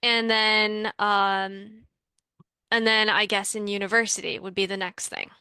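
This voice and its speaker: A woman's voice: medium pitch, flat delivery, a little slow, sharp tone, clear, resonant tone, dry recording. A young woman from Canada telling a personal story in a casual, chatty way, full of "like" fillers, as a workshop participant.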